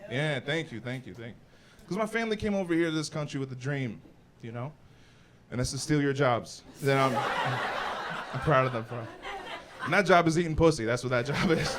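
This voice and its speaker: A man's voice: fairly high pitch, animated, normal speed, a little hiss or hum. A brash male stand-up comedian performing a profane, slangy set on stage, saying "bro" a lot. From United States. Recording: live stage mic with audience laughter.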